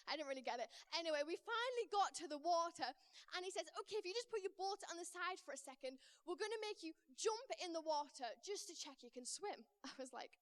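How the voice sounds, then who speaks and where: A young woman preaching in a church, telling a funny personal story with lively, acted-out panic before turning it into a lesson. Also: very high voice, fairly quick. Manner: lively storytelling, acts out her own panic.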